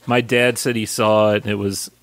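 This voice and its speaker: A married man co-hosting a podcast, talking in easygoing, halting casual chat with fillers and restarts. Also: on the low side, level tone, no room sound. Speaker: podcast co-host.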